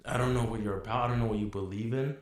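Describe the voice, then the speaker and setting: A young man co-hosting a podcast, chatting in a relaxed, teasing way. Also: medium pitch, rapid-fire, reverberant. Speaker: podcast co-host. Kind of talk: casual chat.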